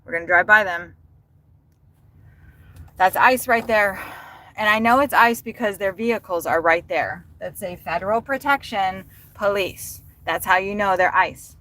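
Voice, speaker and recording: A woman who delivers for a rideshare service, chatting casually and excitably on a livestream from her car, swearing freely. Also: mid-range voice, unhurried, rough recording. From Texas. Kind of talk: casual driving livestream chat. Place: inside a moving car. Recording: car noise behind voice. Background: road and engine noise.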